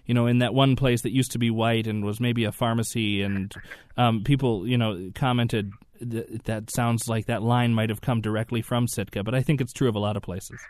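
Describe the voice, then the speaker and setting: A male radio host chats in a relaxed, analytical way about the sketches. His voice sits in a dry, close studio sound. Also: mid-range voice, brisk, no room sound. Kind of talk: conversational interview.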